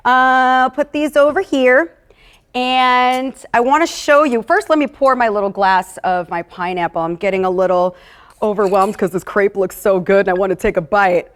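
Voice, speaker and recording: A woman's voice: medium pitch, moderate pace. A woman hosting a live wine tasting in a casual, upbeat way. She talks straight to her viewers and drifts into personal stories and asides. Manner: talks straight to viewers, calling them "you guys".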